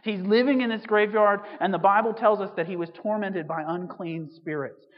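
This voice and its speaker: A man preaching a conversational sermon, telling stories with lively asides and quick jokes. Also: high-pitched. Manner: conversational, animated storytelling with asides. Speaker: pastor. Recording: muffled sound with long hall reverb.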